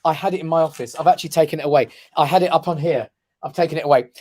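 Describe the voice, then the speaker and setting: A man, a guest on a talk show, telling a personal story with lively emphasis and frequent "right?" check-ins. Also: fairly high pitch, very fast, dry recording, studio quality. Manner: animated storyteller who keeps checking in with "right?". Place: his office.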